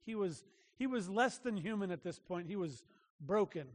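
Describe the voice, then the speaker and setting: A man's voice: sits high, expressive, moderate pace. A man preaching a sermon as a pastor, earnest and emphatic, often restarting his phrases. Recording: long reverb of a large hall.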